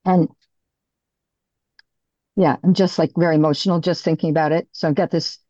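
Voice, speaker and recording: A woman's voice: low-pitched, steady tone, mellow, no echo, muffled recording. Earnest middle-aged woman sharing her recovery. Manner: candid, halting, earnest. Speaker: recovery program speaker. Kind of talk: personal recovery share.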